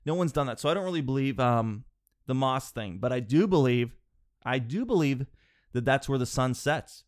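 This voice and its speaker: A man with a cold, sniffling as he rambles through an animated, digressive comic monologue from his home office. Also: mid-range voice, moderate pace. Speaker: vlogger.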